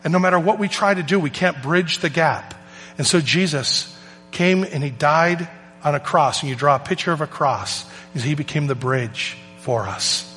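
Man, preacher, slightly high voice, earnest storytelling, echoing hall. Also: a bit bright. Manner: earnest storytelling with emphatic pauses. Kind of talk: sermon. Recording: long hall reverb with faint music.

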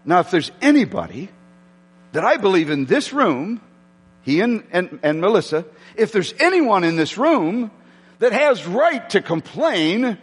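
A male pastor preaches in a church hall, his fairly high voice leaping all over the place as he pokes fun at himself. He stumbles and restarts often, and long reverb trails behind him. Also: unhurried, breathy edge. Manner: animated, self-mocking storytelling with many restarts. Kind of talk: sermon.

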